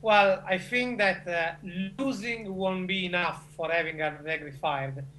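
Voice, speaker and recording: Italian guy on a video call, bright edgy voice, lots of uh while he hunts for words. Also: sits high, slight background noise. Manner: halting, searching for words, frequent uh. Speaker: Italian football correspondent. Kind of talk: joining a football chat over video call.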